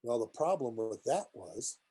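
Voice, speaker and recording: A middle-aged man, a retired military pilot, telling rambling war stories to a group in a casual, animated way. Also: mid-range voice, unhurried, breathy edge, poor audio. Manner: rambling, animated, many restarts and asides.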